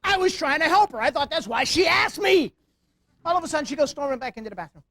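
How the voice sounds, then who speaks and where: A middle-aged man giving a security awareness talk with humor to a live audience, animated, telling stories and tossing rhetorical questions at the crowd. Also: very high-pitched, fast. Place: meeting room before live audience.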